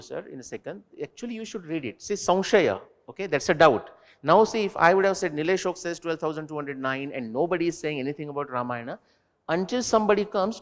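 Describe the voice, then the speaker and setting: A man answering student questions at a university talk, animated and digressive, turning to quiz the audience directly. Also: a little high, long reverb tail. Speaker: invited speaker. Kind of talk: lecture Q&A with students. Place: university lecture hall.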